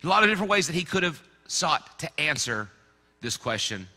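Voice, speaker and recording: A man's voice: on the high side, big pitch swings, brisk, bright, forceful tone, in a large hall. A man preaching a sermon as pastor, conversational with playful asides. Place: church sanctuary.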